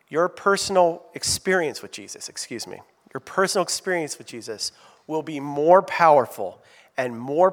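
A man preaching a sermon as pastor, animated, drawing call-out answers from the congregation. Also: medium pitch. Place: church sanctuary. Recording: long reverb of a church hall.

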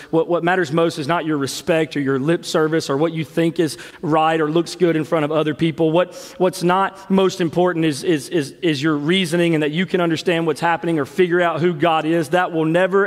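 Fiery high-voiced preacher in a reverberant hall. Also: male voice. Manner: preaches worked up, shouting and sweating, then drops quiet. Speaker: pastor. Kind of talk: sermon. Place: church sanctuary.

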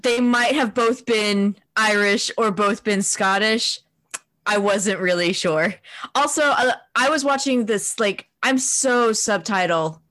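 A woman's voice: medium pitch, slow pace, fairly bright tone. A woman co-hosting a casual chat, rambling and self-deprecating with casual swearing. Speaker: podcast co-host.

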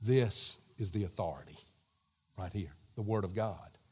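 A man voicing a stubborn, defiant male reformer monk in a low, firm, plain manner. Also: lively intonation, a little slow, darkish tone, breathy edge, exaggerated voice.

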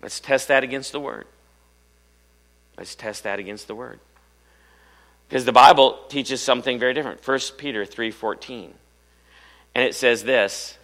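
A middle-aged male pastor preaching a sermon in church, firing off rhetorical questions and swinging from loud to hushed. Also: medium pitch, moderate pace, long pauses.

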